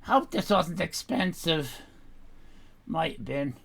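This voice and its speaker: A woman playing a sassy, brash sixteen-year-old Irish girl, hosting a live stream in character and rambling loudly to herself. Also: low-pitched, very animated, slow pace, creaky, breathy edge, heavily acted. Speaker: livestream host in character.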